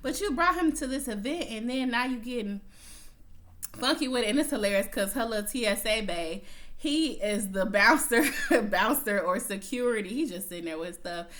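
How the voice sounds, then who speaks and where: A woman's voice: on the high side, animated, moderate pace, fairly bright tone. A woman casually recapping a TV episode in a chatty, slangy way, often laughing as she tells it. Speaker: TV recap vlogger.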